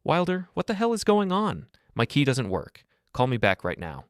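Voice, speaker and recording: A man voicing an adult woman who is sharp, panicked and furious. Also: sits low, lively intonation, fairly quick, dry recording, clean studio sound.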